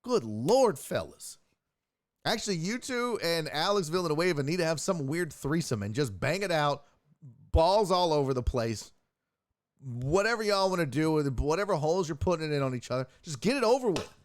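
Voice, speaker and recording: A man's voice: fairly high pitch, very animated, moderate pace, no echo, studio quality. Profane, joking male sports host. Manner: profane, joking, reacting to chat. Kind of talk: casual streamed sports talk.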